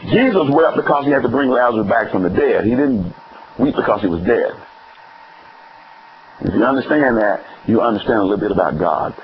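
A man preaching a sermon, asking the congregation questions and swinging between high exclamations and low emphatic words. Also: expressive, a little fast. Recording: dull lo-fi recording with faint noise.

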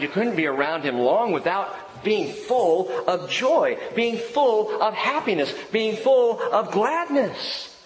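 Male pastor, middle-aged, animated preaching with humor, slightly high voice, recorded in a roomy echoing hall. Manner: lively preaching with jokes and personal stories. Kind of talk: sermon.

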